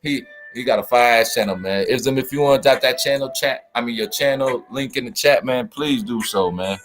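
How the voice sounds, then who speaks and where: A man hosting a casual livestream, talking in an animated, slangy way and speaking straight to his chat. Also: medium pitch, brisk, faint music behind. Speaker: livestream host.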